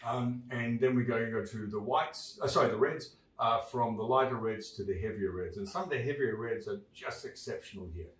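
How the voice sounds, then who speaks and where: A man's voice: medium pitch, fairly quick, few pauses. A man presenting a casual wine vlog, chatty and upbeat with lots of fillers. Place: wine store, indoors. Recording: very echoey store, mic far off.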